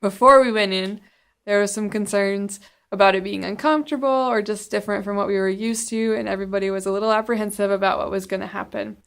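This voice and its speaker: A woman's voice: mid-range voice, fairly even intonation, fast talker, vocal fry. A young woman from the United States narrating her travel vlog in an earnest, reflective way. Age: young adult. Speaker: vlogger interviewing classmates.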